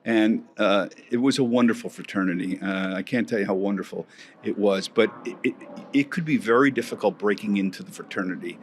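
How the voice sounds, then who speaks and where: A man in his sixties, appearing as a guest markets correspondent, tells stories in an interview with a fairly low voice and a slightly quick pace. He's chatty, laughs often, and keeps restarting his sentences.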